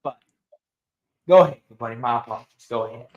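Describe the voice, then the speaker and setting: A man hosting a casual sports talk show, ranting emphatically and talking with animated energy. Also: medium pitch, fast, reverberant, lo-fi sound. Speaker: host.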